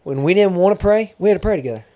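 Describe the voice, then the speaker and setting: A man's voice: sits high, lively intonation, very fast, dark tone. A man hosting a podcast, talking earnestly, repeating key points and checking in with "right?". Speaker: podcast host. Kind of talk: casual interview conversation.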